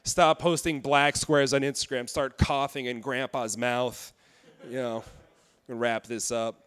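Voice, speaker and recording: A young man in his twenties doing a stand-up set in a comedy club, delivering dark jokes in a deadpan way with halting fillers. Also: medium pitch, clear, resonant tone. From Indiana.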